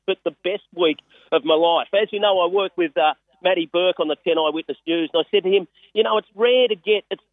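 An Australian weatherman telling his racehorse story with animated excitement on a radio phone-in. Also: sits high, dry recording. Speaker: weatherman and racehorse part-owner. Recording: tinny phone line.

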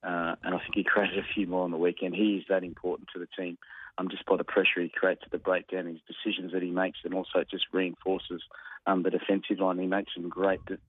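A man's voice: deep voice, little pitch movement, fast, slightly rough, dry recording. An Australian man, a rugby commentator, talking earnestly over the phone on a radio show, with lots of ums and restarts. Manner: hesitant, many ums, earnest. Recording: dry tinny phone line.

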